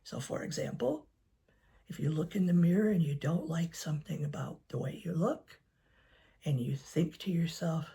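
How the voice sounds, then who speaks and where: A woman counselor giving gentle advice to camera, soft-spoken and often dropping to a near whisper. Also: low voice, animated, normal speed. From United States. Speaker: licensed professional counselor. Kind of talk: calm advice talk to camera.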